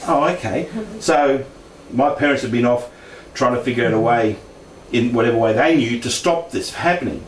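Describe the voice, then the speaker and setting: A middle-aged Australian man shares a personal paranormal experience in a casual way, laughing often and acting out the voices he quotes. He speaks at medium pitch and normal speed with few pauses. The room is echoey, the mic distant, and there is faint noise.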